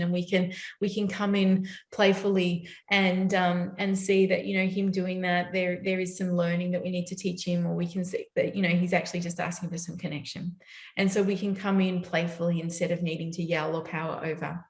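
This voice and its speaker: A woman's voice: on the low side, little pitch movement, a little fast, a little mellow. A woman giving a conversational parenting talk, often asking "right?" to check in with her listeners. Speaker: parenting educator. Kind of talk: summit talk. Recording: roomy echo.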